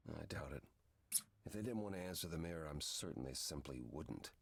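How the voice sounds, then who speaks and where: An actor playing an ancient male being bound to fate, who talks in a calm, measured, grave way. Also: extremely low pitch, creaky, husky, no echo, full character voice.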